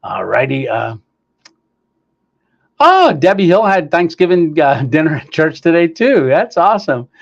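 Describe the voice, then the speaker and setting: A man hosts a casual livestream and reads out viewer comments, greeting people by name with plenty of fillers. His voice sits a little high. The sound is dull and lo-fi, with a clip-on mic that gets staticky. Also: big pitch swings, measured pace, creaky. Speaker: livestream host. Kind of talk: casual live chat reading viewer comments. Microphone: clip-on microphone, sometimes staticky.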